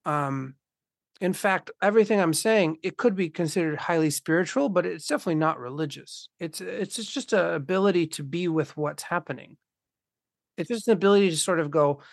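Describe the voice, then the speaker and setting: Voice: mid-range voice, lively intonation, a little fast, creaky, no room sound. Blunt, swearing speaker, dry close sound. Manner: blunt, profane and philosophical, acts out imagined voices. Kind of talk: casual conversation.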